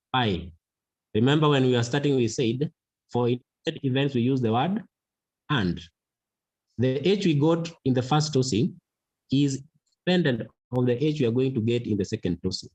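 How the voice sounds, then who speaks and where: A man teaching a mathematics lesson, slow and deliberate, repeating key words for emphasis. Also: medium pitch, lively intonation, darkish tone, rough recording. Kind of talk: classroom lesson.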